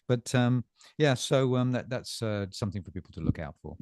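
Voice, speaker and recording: A middle-aged man co-hosting a casual bookstore chat, talking in halting bursts with lots of fillers and repeated words. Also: mid-range voice, expressive, darkish tone. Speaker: bookstore staff co-host.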